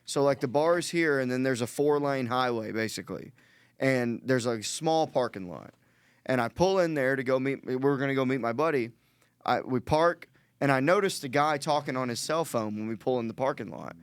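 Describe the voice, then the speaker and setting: Animated swearing storyteller man, dry mic. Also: mid-range voice, normal speed, clean tone, no echo. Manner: animated storyteller, laughs often, swears freely. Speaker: podcast co-host. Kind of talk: casual storytelling chat.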